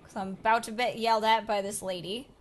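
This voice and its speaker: A young woman hosting a casual let's play, excitable and talking to game creatures as she plays. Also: medium pitch, quick pace, slight background noise. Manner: excitable, talks to game creatures, jumps from whispers to yelps. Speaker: gaming channel host.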